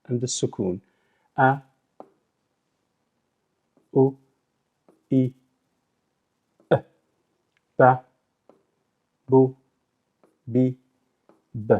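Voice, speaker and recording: A man teaching a recorded language lesson, sounding out syllables slowly and deliberately. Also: medium pitch, highs cut off. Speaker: Arabic teacher.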